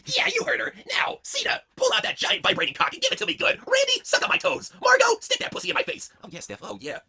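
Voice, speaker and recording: A man's voice: very high-pitched, huge pitch swings, fast talker, vocal fry, pushed and bright, pitched above the performer's own voice, exaggerated voice. A man voicing a cruel, scheming rich wife who taunts in a sultry, mocking way. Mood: taunting. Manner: taunting, mocking purrs and shrieks.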